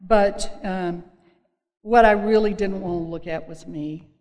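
A woman sharing her personal recovery story at a meeting, speaking earnestly and haltingly, with many fillers and restarts. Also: mid-range voice, a little mellow. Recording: long echo of a hall.

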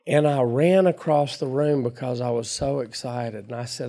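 A man's voice: medium pitch, normal speed, few pauses, mellow, a little hiss or hum. A middle-aged man telling his recovery story in a folksy, chatty way, laughing at himself. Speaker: recovery meeting speaker. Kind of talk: personal storytelling talk.

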